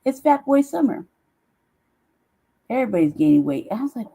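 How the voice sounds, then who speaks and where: A woman's voice: fairly high pitch, very animated, normal speed, vocal fry, dark tone, a little hiss or hum, low-quality recording. A woman chatting casually on her own stream, teasing, laughing often and swearing freely. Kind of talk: casual chat.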